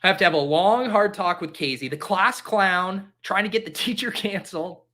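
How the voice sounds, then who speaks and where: A man's voice: high-pitched, moderate pace, bright, forceful tone. A young man hosting a live stream, chatting casually in a jokey, rambling, caffeinated way. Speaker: livestream host. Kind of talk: casual livestream chat.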